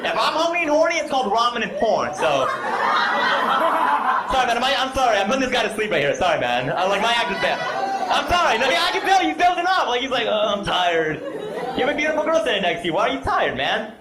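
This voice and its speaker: This man's voice is very high and very animated, and he talks fast while doing self-deprecating stand-up with crowd work. He's on a comedy club stage before a live audience, and the echoey recording is very noisy, with a noisy crowd and laughter.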